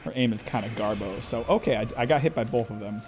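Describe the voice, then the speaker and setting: A man with a fairly low, slightly mellow voice talks fast over soft background music. He's streaming a game live, joking around and trash-talking the boss and characters, talking back at the game as he plays.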